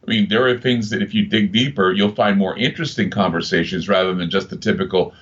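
A man's voice: low-pitched, steady tone, fast talker, few pauses, a bit bright. A man in his fifties, a radio broadcaster, telling stories in a rambling, emphatic way during an interview. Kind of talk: casual interview talk. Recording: dull lo-fi sound.

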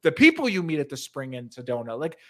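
A man in casual conversation, talking enthusiastically in rapid, tumbling phrases. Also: fairly high pitch, huge pitch swings.

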